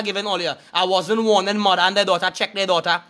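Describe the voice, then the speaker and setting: Trinidadian man, raw profane rant, high sharp tone. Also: flat delivery, fast talker. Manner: angry, cursing, threatening. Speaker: online commentator.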